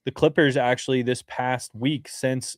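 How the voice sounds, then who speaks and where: A man co-hosting a sports podcast, talking through basketball analysis in an earnest, fast-flowing way with frequent restarts. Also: mid-range voice, fairly even intonation, no room sound, studio quality. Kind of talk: casual sports talk.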